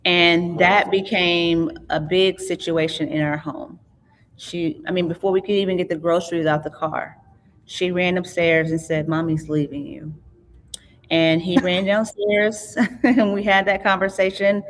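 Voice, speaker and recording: A middle-aged woman, an author and interview guest, telling her life story in an earnest, reflective way, often halting and restarting. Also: lowish voice, steady tone. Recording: long hall reverb.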